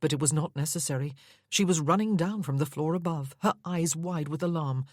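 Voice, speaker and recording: A woman reads a Regency romance aloud with steady, measured storytelling. Her voice sits low with a husky, breathy edge, recorded dry and close. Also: no room sound. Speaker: audiobook narrator.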